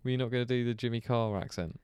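A man's voice: mid-range voice, fairly even intonation, fast talker, darkish tone, clean tone, dry recording. A man co-hosting a casual chat, reading out listener questions and steering the talk, laughing easily. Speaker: podcast co-host.

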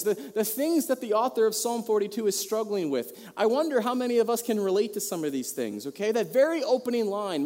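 Man, pastor, sermon, earnest, high voice, long hall reverb. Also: a little mellow. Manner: earnest, asks the congregation many questions. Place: church hall.

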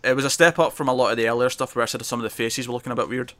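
A man's voice: mid-range voice, steady tone, rapid-fire, fairly bright tone. A man co-hosting a casual comic book podcast, enthusiastic and acting out characters' lines. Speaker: podcast co-host.

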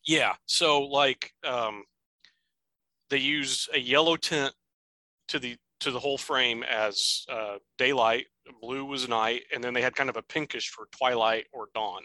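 A man's voice: mid-range voice, fairly even intonation, unhurried, pushed and bright, no echo, low-quality recording. A man co-hosting a podcast, talking casually about an old film in a thoughtful, rambling way. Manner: thoughtful, rambling, with fillers and restarts. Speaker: podcast co-host.

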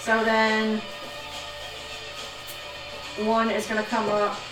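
A woman's voice: fairly high pitch, monotone, slow pace, far from the mic. Off-mic woman running a tabletop game. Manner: casual, loose narration with frequent ums. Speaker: game master. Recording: echoey room, off-mic, music behind.

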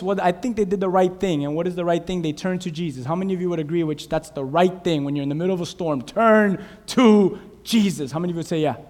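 High-voiced pastor preaching in a hall. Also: male voice. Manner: animated preaching, quizzes the congregation. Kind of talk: sermon. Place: church sanctuary. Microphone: clip-on lapel mic. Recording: reverberant church hall.

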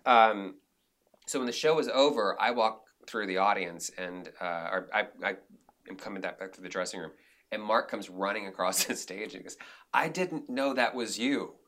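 A man, a director and actor, talking casually in an interview and telling animated stories from the theater with many restarts. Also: low voice, moderate pace. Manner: animated, acts out quotes, frequent restarts.

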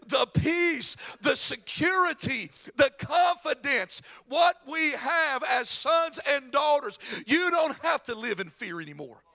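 A man preaching a sermon as pastor, animated and telling stories with acted voices. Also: very high voice, takes it slowly, hardly any pauses.

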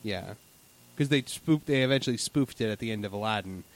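A man's voice: lowish voice, fairly quick. Chatty man with filler-heavy rambling. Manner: rambling, many fillers and restarts. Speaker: podcast co-host. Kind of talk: casual chat.

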